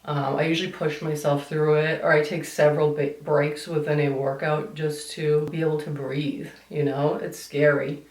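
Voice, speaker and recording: A woman's voice: sits low, little pitch movement, normal speed, hardly any pauses, darkish tone. Rambling woman in an echoey room. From United States. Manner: rambling, complaining, swears casually. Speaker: beauty vlogger. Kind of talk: chatty get-ready-with-me vlog. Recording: echoey room, somewhat far from mic.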